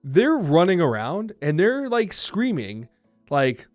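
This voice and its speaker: A man in his thirties co-hosting a podcast, telling stories in a quick, animated, talkative way. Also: sits high, no echo, faint music behind. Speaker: podcast co-host. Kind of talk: casual chat.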